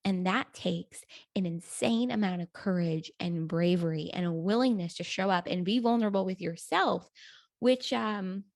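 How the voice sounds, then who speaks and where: A woman's voice: fairly low pitch, normal speed, a little mellow, no room sound, clean studio sound. A woman hosting a podcast, affirming her guest and reflecting thoughtfully on what was said. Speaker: podcast host. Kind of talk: podcast interview.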